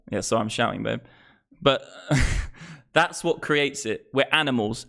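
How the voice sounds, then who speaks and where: Unhurried and creaky, with a mid-range, fairly bright tone, a young man rants about politics on his crypto livestream. He swears freely and gets fired up into his streaming microphone.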